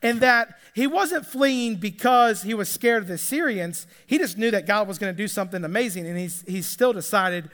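A man's voice: sits high, lively intonation, moderate pace, hardly any pauses, fairly bright tone. A man preaching a casual, chatty sermon, joking and acting out the quotes. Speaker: pastor. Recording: long hall reverb.

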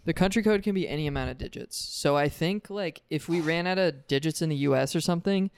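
A man's voice: fairly high pitch, fast, gravelly, clear, resonant tone. A young man co-hosting a podcast, trading crude jokes in casual chat. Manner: crude joking banter. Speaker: podcast co-host.

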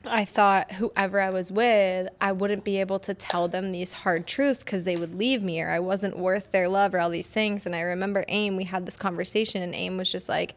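A woman's voice: mid-range voice, steady tone, moderate pace, hardly any pauses. A woman hosting a podcast, talking frankly and with animation, cursing freely and acting out quoted conversations. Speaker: podcast host.

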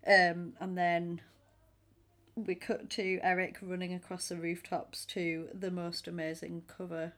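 A woman co-hosting a casual film podcast, chatty and animated, acting out her own reactions as she recaps scenes. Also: lowish voice, a little slow. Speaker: podcast co-host. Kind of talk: casual film-discussion chat.

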